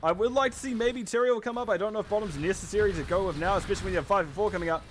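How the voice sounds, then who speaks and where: A man casting a live esports match with quick, chatty play-by-play commentary, often correcting himself mid-sentence. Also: sits high, a little hiss or hum. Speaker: esports caster.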